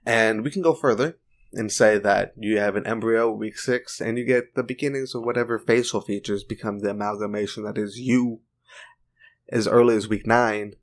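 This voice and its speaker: A man's voice: fairly low pitch, steady tone, normal speed. A man giving a casual opinion monologue for a video, informal and chatty with joking side remarks. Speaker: video commentator.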